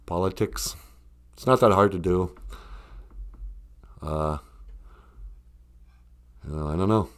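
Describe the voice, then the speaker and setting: A man chatting on a live stream at an unhurried pace, his pitch rising and falling in a lively way. He rambles and jokes, reads out viewer comments, and laughs often.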